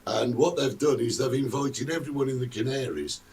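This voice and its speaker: A man hosting a casual live-streamed talk show, chatting in an animated, storytelling way. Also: medium pitch, moderate pace. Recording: distant mic with faint room noise.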